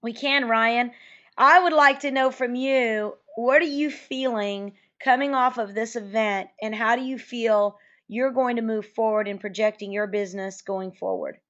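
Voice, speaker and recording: A woman hosting a sales webinar, upbeat and effusive, talking quickly with fillers. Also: fairly high pitch, fairly even intonation, fairly bright tone, lo-fi sound. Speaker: webinar host.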